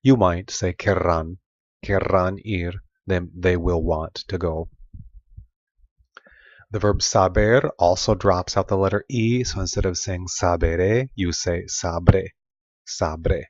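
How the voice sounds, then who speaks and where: A man teaching a recorded Spanish grammar lesson, explaining patiently and repeating example phrases slowly. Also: low-pitched, no echo. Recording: dull lo-fi sound, dry.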